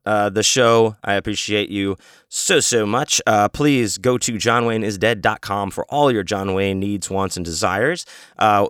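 A man's voice: lowish voice, fairly bright tone, smooth, dry recording, clean studio sound. A man hosting his own show, telling a rambling story in a casual, profane, self-interrupting way. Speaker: podcast host and author.

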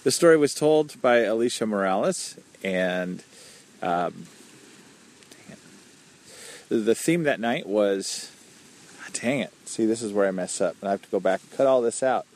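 A man's voice: on the low side, expressive, moderate pace, a little mellow. A man hosting a podcast, giving a casual intro and correcting himself with jokes. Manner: self-correcting, joking. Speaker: podcast host.

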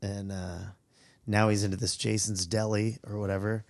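A man's voice: on the low side, flat delivery, normal speed, darkish tone. A man hosting a comedy podcast, chatting casually and rambling, breaking into silly quoted voices. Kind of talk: casual chat.

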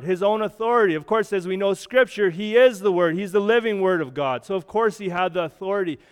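A man's voice: sits high, clean tone, big-room sound. A man preaching a sermon as a pastor, explaining scripture in a conversational way with frequent restarts.

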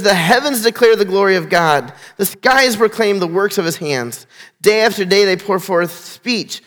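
High-voiced preacher man, hushed to proclaiming. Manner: swings from hushed, drawn-out phrases to loud, fast, rising proclamation. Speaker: pastor. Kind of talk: sermon.

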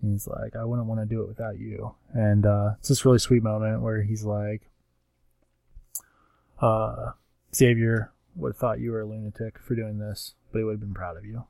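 A man casually recapping a comic book issue, rambling with lots of fillers and quick acted-out quotes of the characters. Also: lowish voice, little pitch movement, creaky, warm tone, no echo. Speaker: comics podcast co-host. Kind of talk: casual chat.

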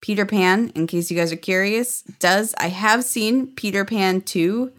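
A woman's voice: mid-range voice, unhurried, a bit bright. A woman in her thirties, chatty and upbeat, telling stories as an interview guest. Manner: chatty, upbeat, laughs often. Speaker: guest, former theme park character performer. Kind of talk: casual interview storytelling.

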